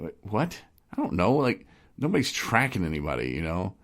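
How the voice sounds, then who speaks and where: A man's voice: deep voice, wildly swooping pitch, fairly quick, a bit bright. A man hosting a casual podcast who rambles and jokes, often restarting his sentences. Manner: rambling, joking, many restarts. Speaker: podcast host.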